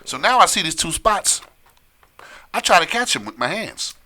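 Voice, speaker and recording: A man telling a long story in casual chat on a live stream, animated, repeating phrases and laughing often. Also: high-pitched, normal speed.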